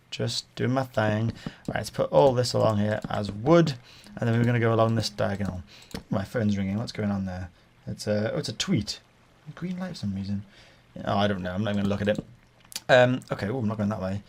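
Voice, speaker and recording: Fast-talking man rambling while gaming. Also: on the low side, vocal fry, darkish tone. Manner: rambling, chatty, mutters while playing. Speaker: gaming podcaster. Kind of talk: casual gaming commentary and storytelling.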